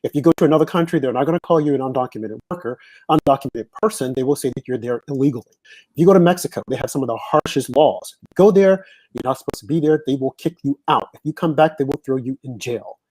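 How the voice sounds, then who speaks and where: A man's voice: mid-range voice, fast talker, a little mellow. An American man hosting a casual discussion, giving his views in an opinionated, emphatic way. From United States.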